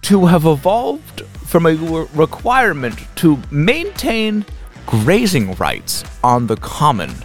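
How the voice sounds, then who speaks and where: Animated swearing podcast host. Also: male voice, a little high, takes it slowly, soft background music. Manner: animated, swears a lot, laughs mid-sentence. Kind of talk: casual comedic chat.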